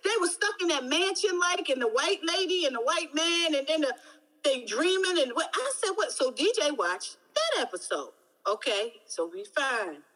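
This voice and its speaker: A woman with a Baltimore accent chatting casually on a podcast, telling stories with animated exclamations. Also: sits high, normal speed, poor audio. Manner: animated storytelling, laughing, exclamations. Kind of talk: casual chat.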